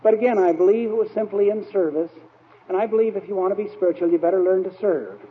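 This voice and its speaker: Quick and high-pitched, a male church speaker rambles through anecdotes in a sermon, leaning often on filler words. The sound has the thin, echoing quality of an old hall recording.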